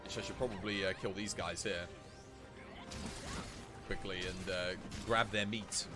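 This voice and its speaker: A man's voice: low voice, normal speed, over loud music. A man chatting casually with viewers while commentating his own gameplay on a live stream. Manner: chatty, animated, slangy.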